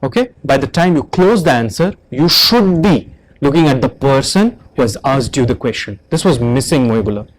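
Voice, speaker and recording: A man's voice: mid-range voice, animated, moderate pace, low-quality recording. A man with an Indian English accent giving feedback after a mock interview, instructive and checking often that he is understood. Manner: instructive, repeatedly asks "Do you understand that?".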